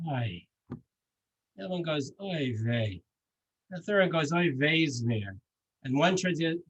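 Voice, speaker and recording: A man's voice: fairly high pitch, bright, forceful tone, poor audio. A man giving a sermon as a rabbi, conversational and storytelling, with jokes and asides.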